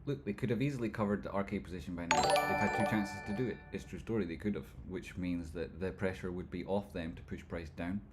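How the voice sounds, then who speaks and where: A man hosts a casual livestream with a slightly low voice, joking and rambling as he reads out viewer messages. He hops quickly between silly banter and market analysis in a loose, chatty way. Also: over music. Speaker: livestream host. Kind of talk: casual livestream chat reading viewer comments.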